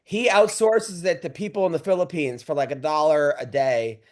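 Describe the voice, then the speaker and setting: Male stand-up, high voice, excitable podcast storyteller. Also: moderate pace. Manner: excitable, laughs through his stories. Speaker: stand-up comedian, podcast co-host. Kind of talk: casual podcast chat.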